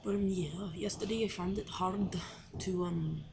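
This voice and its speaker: Young woman, fairly low voice, rambling self-doubting video-diary talk, faint background hiss. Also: fairly even intonation, a little slow, creaky. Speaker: drama student on placement. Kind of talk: casual spoken video diary.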